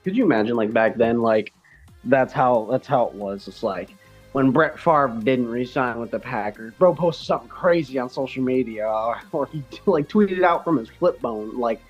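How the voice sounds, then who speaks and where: A man's voice: mid-range voice, normal speed, husky. Man, podcast co-host, rambly chat, plenty of fillers, slightly dull lo-fi mic with faint music. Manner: rambling, frequent fillers and restarts.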